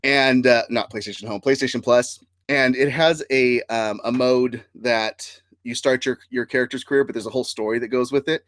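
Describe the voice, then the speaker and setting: A man's voice: medium pitch, steady tone, normal speed, hardly any pauses, fairly bright tone, no room sound. A man hosting a casual live-streamed nerd podcast, upbeat and chatty, laughing often and using fillers. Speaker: podcast host.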